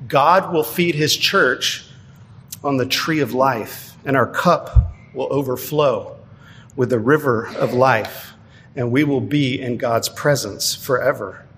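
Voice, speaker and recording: A man's voice: medium pitch, a bit bright, a little hiss or hum. Man preaching in a reverberant hall. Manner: measured, emphatic preaching with slow stressed phrases. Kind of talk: sermon.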